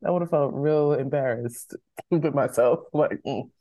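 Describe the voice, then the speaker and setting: A podcast co-host chatting casually, reacting with laughter and animated remarks. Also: mid-range voice, measured pace, no echo. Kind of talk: casual chat.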